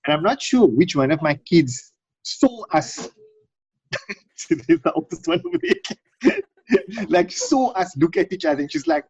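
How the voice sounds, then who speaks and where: A middle-aged man in casual chat, telling long rambling stories and acting out quotes in high voices. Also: sing-song, unhurried, darkish tone, slightly rough, no room sound. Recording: dull dry recording.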